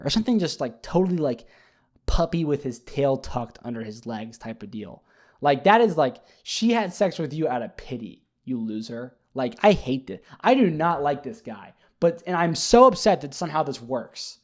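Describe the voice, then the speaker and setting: A man's voice: mid-range voice, normal speed. Rambling man recapping a show. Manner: rambling, animated, many fillers and restarts. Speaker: podcast host. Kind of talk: casual solo recap chat.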